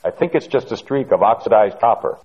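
Skeptical male geologist, calm and dismissive, voiced by a man, brighter than narration. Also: on the low side, fairly quick, slightly rough, dull audio, pitched above the performer's own voice.

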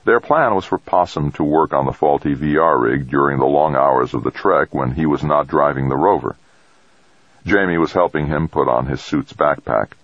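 A man narrating an audiobook in a steady, measured way. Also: rumbling low, dry recording. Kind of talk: scripted narration. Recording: dry, dull audio.

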